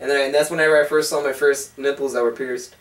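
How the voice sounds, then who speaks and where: A man's voice: medium pitch, steady tone, quick pace, distant mic. A young man telling crude stories in a casual chat, acting out the quotes in his tales. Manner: crude, rambling, acts out quotes. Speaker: co-host. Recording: echoey room, voice from off-mic.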